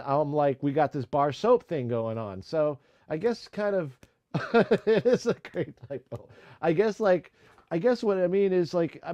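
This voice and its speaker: A man's voice: on the high side, mellow, no room sound, highs cut off. A man hosting a casual music-making live stream, rambling with lots of fillers and restarts. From United States.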